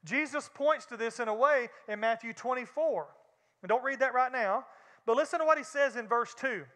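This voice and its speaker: High, bright-voiced preacher. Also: male voice, moderate pace. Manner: emphatic, conversational preaching. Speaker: pastor. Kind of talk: sermon. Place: large church sanctuary. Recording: long reverb in a large church.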